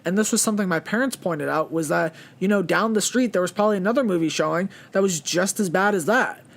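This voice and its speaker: A man's voice: high voice, quick pace, vocal fry, a bit bright. A young man giving a casual, rambling movie review, earnest and full of fillers.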